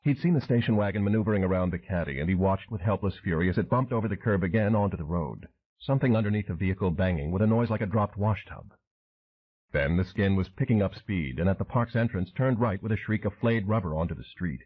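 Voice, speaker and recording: A man's voice: sits low, expressive, quick pace. A man narrating an audiobook thriller with dramatic storytelling. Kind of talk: scripted narration. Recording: tinny phone-like audio.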